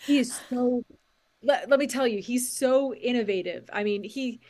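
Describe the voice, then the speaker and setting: A middle-aged woman speaking a little above the usual pitch, guesting on a podcast. She tells stories with energy, slipping into quoted voices and laughing often. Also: moderate pace. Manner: animated storyteller, acts out quotes and laughs often. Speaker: guest, mindset coach and author. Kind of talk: podcast interview.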